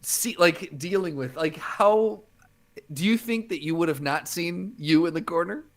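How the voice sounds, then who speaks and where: Man with a slightly high voice, prodding. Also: measured pace. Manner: prodding questioner who retells his co-host's stories. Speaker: podcast co-host. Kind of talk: casual chat.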